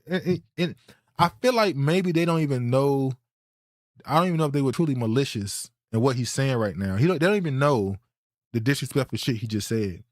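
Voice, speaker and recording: A man's voice: medium pitch, animated, fairly quick, no room sound. Blunt indignant man with a dry sound. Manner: blunt, indignant, repeats words as he restarts. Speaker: podcast host reacting to clips. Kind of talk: reaction commentary.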